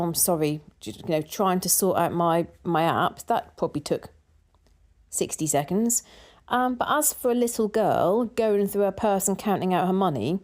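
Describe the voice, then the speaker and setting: A woman's voice: medium pitch, darkish tone. A woman telling a story in a casual vlog, chatty and full of quoted dialogue. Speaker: vlogger.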